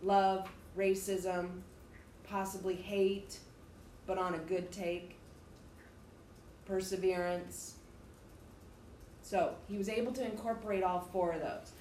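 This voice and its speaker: Woman teacher, mid-pitched, direct and emphatic lecture style, roomy echo with faint ambience. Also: steady tone, slow, long pauses, dark tone, slight background noise. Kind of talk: classroom lecture. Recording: echoey room, faint ambience.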